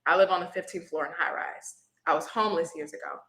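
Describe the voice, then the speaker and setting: Bright-voiced woman sharing her story. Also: lowish voice, fast talker, reverberant, rough recording. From Houston area. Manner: reflective, gets teary at times. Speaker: tarot reader guest. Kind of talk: emotional personal storytelling.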